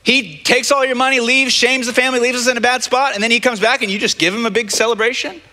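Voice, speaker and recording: Pastor putting on a high whiny resentful older brother, bright voice, big church echo. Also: male voice, steady tone, fast, exaggerated voice. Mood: indignant. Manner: high-pitched, pleading, aggrieved complaint. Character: resentful older son, young man, indignant. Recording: long reverb of a church hall.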